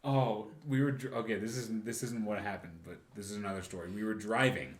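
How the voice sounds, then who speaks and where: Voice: mid-range voice, fairly even intonation, a little fast. A young adult podcast co-host telling family stories, breaking into laughter mid-story. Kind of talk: casual storytelling chat. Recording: echoey room with faint noise.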